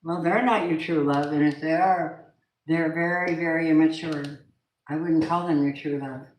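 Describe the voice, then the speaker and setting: A woman's voice: low voice, steady tone, moderate pace, echoey room, a little hiss or hum, low-quality recording. A woman doing a live tarot reading, gushing over her viewers and swearing now and then. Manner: effusive, gushing address to viewers, occasional swearing. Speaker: tarot reader.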